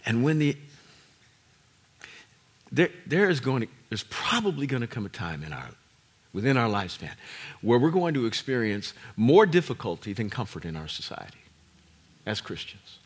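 A man preaching a sermon as pastor, swinging from hushed, low lines to loud shouted peaks and repeating words for emphasis. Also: sing-song, moderate pace, pauses often, slightly rough.

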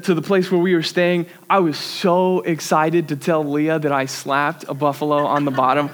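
A man's voice: on the high side, little pitch movement, moderate pace, hardly any pauses. A young man preaching a sermon, telling a story animatedly and laughing at himself. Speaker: youth pastor.

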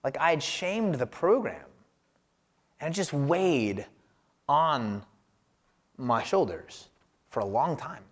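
A man's voice: fairly high pitch, expressive, takes it slowly, pauses often. A man casually telling a self-deprecating personal story, rambling, with many filler words. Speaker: podcast co-host reflecting on scripture.

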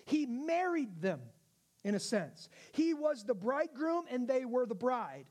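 A man's voice: very high-pitched, very animated, measured pace, darkish tone. A male pastor giving a conversational sermon, often checking in with his listeners. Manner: conversational, asks the audience questions.

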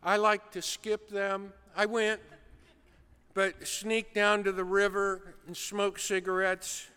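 A man preaching a sermon, telling an animated story with acted-out shouts. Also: sits high, takes it slowly, smooth. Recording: long hall reverb.

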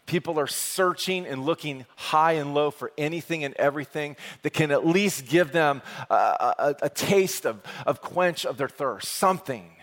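A man's voice: on the high side, moderate pace, few pauses. Rousing male preacher in a reverberant hall. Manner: energetic, rousing call-and-response preaching. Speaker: pastor. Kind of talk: sermon. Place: church sanctuary.

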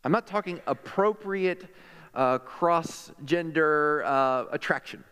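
Pastor guy preaching, kinda high voice, jokes at the crowd, big echoey church hall. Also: clear, resonant tone. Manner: animated, jokey preaching with quick asides to the crowd. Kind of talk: sermon.

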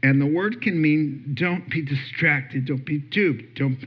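A man preaching a sermon in a church, animated, acting out the anxious voices of his listeners and chuckling between points. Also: fairly high pitch, takes it slowly, slightly rough, lo-fi sound. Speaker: pastor.

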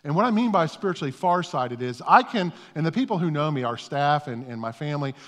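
Talkative pastor preaching in a reverberant church. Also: male voice, on the high side, lively intonation, fast, fairly bright tone. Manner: conversational, self-deprecating, repeats words when starting. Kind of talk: sermon. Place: church sanctuary. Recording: long reverb of a church hall.

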